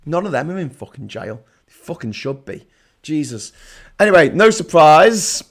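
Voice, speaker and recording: A man hosting a political livestream, reading chat messages and ranting sarcastically, swinging between loud outbursts and low muttering. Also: sing-song, normal speed. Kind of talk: ranting live-stream commentary reading chat.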